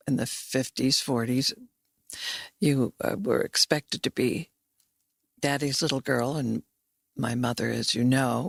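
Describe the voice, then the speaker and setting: A woman's voice: rumbling low, vocal fry, no room sound, studio quality. An older woman guest in a casual chat, playful and wandering, often restarting her sentences.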